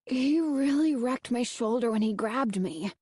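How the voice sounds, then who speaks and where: A woman reading a nervous young boy from a spooky storybook, slightly raised and hesitant. The delivery is slow and close, in a dry room. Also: a little high, expressive, dark tone, slightly rough, dry recording. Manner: uneasy, hesitant. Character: twelve-year-old boy, nervous and reluctant.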